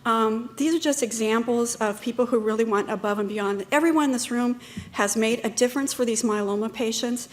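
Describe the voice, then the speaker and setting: A woman's voice: fairly high pitch, a little fast. A woman giving a talk at a conference, speaking in a chatty way with many fillers and restarts. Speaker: conference presenter. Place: conference room.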